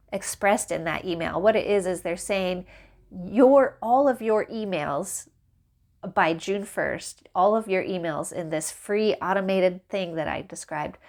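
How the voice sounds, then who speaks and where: A woman vlogging casually to camera, animated and exasperated, laughing and acting out the exchanges as she tells them. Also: medium pitch. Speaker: small business vlogger. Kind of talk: casual ranting vlog to camera.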